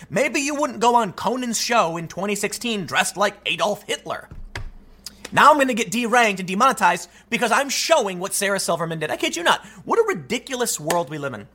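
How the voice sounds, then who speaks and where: A man's voice: sits high, bright, forceful tone. A man giving heated, opinionated political commentary in bursts, speaking directly to the people he criticizes. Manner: heated, rhetorical, addresses his opponents directly; talks in bursts with frequent restarts.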